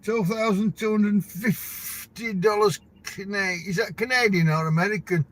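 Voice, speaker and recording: A middle-aged man with a broad Yorkshire accent chats to camera about his work as a truck driver. He rambles from story to story in a relaxed way, and his voice sits fairly high for a man. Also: normal speed, a little hiss or hum. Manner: rambling, chatty, laughs between stories. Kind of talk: casual chat to camera.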